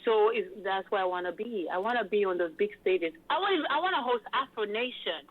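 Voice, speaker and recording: A woman event host telling stories in an animated, hyped way, full of fillers, in a casual interview. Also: medium pitch, fairly quick. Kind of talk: lively interview chat. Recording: tinny phone-like line.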